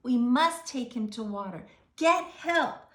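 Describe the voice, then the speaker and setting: A woman's voice: fairly high pitch, expressive, slow, fairly bright tone. A woman voicing a young boy in a storybook read-aloud, speaking urgently and pleadingly about his fish. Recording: roomy echo.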